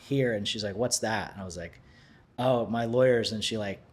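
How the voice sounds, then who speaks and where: A man in his thirties with a low voice tells a story on a podcast. He talks casually and with energy, and slips into the voices of the people he quotes. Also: moderate pace. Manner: animated, acts out quoted dialogue. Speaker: podcast guest.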